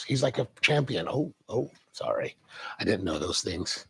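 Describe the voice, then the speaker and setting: A gravelly, husky-voiced man hosts a coffee livestream in a loose, rambling way. He chats casually and reacts to viewer comments as they come in, at a middle pitch. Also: sing-song, a little fast, darkish tone.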